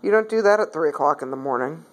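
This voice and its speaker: A woman at home, filming on her phone and talking in coaxing, affectionate pet talk to her cat, her voice swooping up high. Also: expressive, fast. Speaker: pet owner. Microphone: phone camera.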